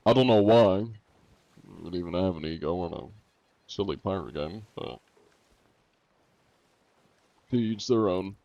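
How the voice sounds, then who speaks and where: Deep-voiced laid-back male streamer. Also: moderate pace, warm tone, dry recording, highs cut off. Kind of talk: casual gameplay chat with viewers.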